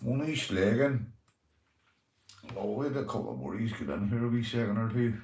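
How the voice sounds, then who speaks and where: A man's voice: lowish voice, very animated, fairly quick, darkish tone, echoey room. A young man with a Northern Irish accent, hosting a casual livestream, greeting viewers and swearing freely, calling everyone mate. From Northern Ireland. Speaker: livestream host.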